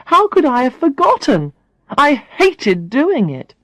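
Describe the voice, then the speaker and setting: A woman reading a first-person story aloud for English learners, clearly and expressively. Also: high-pitched, wildly swooping pitch, slow, fairly bright tone, no echo. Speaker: audiobook reader.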